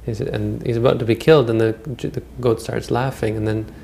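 A man's voice: medium pitch, fairly even intonation, a little fast, vocal fry, dark tone, slight background noise. A man giving a Buddhist dharma talk, retelling old stories in a rambling, conversational way with frequent restarts. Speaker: Buddhist teacher.

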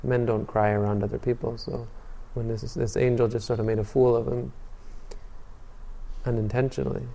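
A man teaching meditation in a Buddhist dharma talk, with calm storytelling. His voice is mellow and dark. He often restarts and repeats words, and the sound trails off into a long hall reverb. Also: medium pitch, moderate pace, creaky.

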